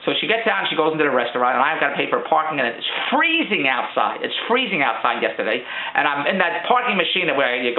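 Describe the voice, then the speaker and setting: Brief: middle-aged man, vlog rant, high and quick, tinny echoey sound. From Philadelphia. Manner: exasperated, joking complaints with rambling repeats. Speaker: vlogger. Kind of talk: casual storytelling rant.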